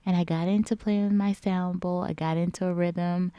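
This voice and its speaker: A woman's voice: lowish voice, steady tone, normal speed, clear, resonant tone, no echo, highs cut off. A woman in a casual reflective vlog chat, rambling with lots of filler words. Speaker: vlogger.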